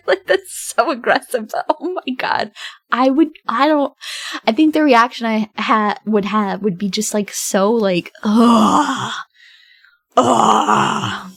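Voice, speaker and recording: A woman's voice: on the high side, measured pace, gravelly, a bit bright, soft background music. Rambly, laughing young woman streamer. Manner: rambling, laughing often, swearing, dramatic outbursts. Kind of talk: casual livestream chat.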